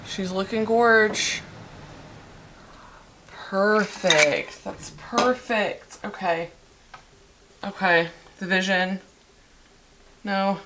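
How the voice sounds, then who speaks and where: A young woman in casual, excitable chat to camera while mixing a drink in her apartment kitchen. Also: mid-range voice, slow, long pauses, a little hiss or hum. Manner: chatty and excitable, rambling asides. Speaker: vlogger. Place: cold home apartment kitchen.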